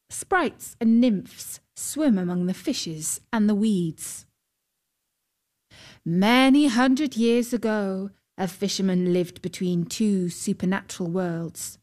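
Slow, gentle woman reading a fairy tale. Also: medium pitch. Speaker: storyteller. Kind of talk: scripted storybook narration.

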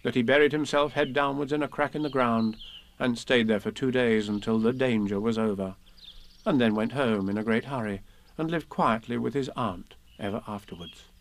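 A man reading children's poems and stories aloud with a gentle, measured recitation. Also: medium pitch. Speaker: reader.

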